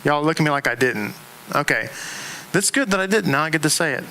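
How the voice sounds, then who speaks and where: A middle-aged man lectures a class in a synagogue room, his voice high and bright. He talks in an animated way, doubling back on words and tossing asides and jokes to the listeners. A faint hum of the room sits behind him. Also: fairly quick, poor audio. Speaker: rabbi teaching a class.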